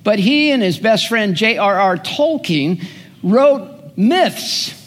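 Pastor type, man, high voice, slow earnest sermon delivery, long hall echo. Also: expressive.

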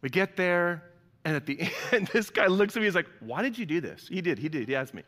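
A man's voice: on the high side, sing-song, brisk, fairly bright tone, in a large hall. A man preaching a sermon in a large church, telling stories and acting out the people he quotes in playful voices. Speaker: pastor.

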